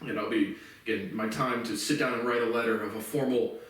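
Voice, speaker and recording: Agitated man in his twenties, profane rant, distant mic, boomy reverb. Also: steady tone, fairly quick. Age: 20s. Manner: agitated, swearing, voice rising into shouts. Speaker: vlogger. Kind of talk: angry profane rant to camera. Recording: very echoey room, far from mic.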